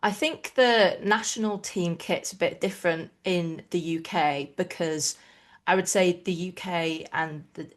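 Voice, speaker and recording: An English woman from the East Midlands co-hosts a rugby podcast. She speaks with a fairly neutral accent in an opinionated, lively way, and her voice sits slightly low. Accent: neutral English with a mixed regional touch. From England, East Midlands. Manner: opinionated, animated, quick asides. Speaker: podcast co-host. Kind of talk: casual chat.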